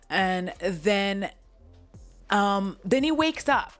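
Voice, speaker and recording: A woman's voice: medium pitch, slow pace, faint music behind. A woman hosting a casual movie recap vlog, giggly and rambling, with plenty of swearing.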